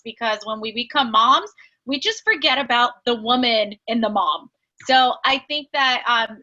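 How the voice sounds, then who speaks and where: A woman student sharing with her class on a video call, earnest and halting. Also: on the high side, bright, forceful tone, lo-fi sound. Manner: halting, earnest, restarts often. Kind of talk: casual sharing on a group call.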